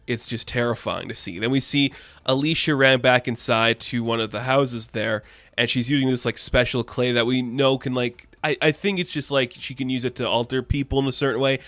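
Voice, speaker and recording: A man's voice: mid-range voice, steady tone, brisk, fairly bright tone, no room sound. A young man casually recapping and reviewing a comic book issue, chatty and full of fillers. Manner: chatty, lots of fillers and quoted voices.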